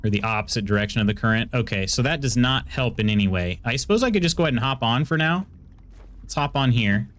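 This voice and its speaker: A man's voice: medium pitch, animated, quick pace, fairly bright tone. A man with a Midwestern American accent, a streamer chatting casually with viewers while playing a game, laughing often as he reacts to their messages.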